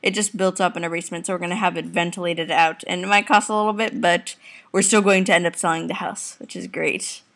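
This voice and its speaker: A woman's voice: on the low side, steady tone, fast, fairly bright tone. A teenage girl chatting casually to her webcam while lying on a couch at home, rambling and giggling. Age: teens. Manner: rambling, giggly, talks to viewers and family off camera. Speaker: vlogger. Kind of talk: casual chatty video reply.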